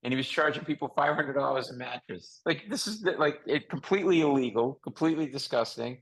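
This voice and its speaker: A man hosting a casual comedic chat over a video call, with a nasal voice, telling jokey stories in an animated way. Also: medium pitch, quick pace, low-quality recording. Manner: animated storyteller, joking. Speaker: podcast host.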